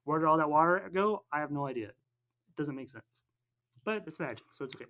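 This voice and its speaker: A man on a podcast casually recapping a film, rambling and jokey, tossing in quick snatches of character voices. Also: a little high, expressive, bright, forceful tone. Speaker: podcast co-host.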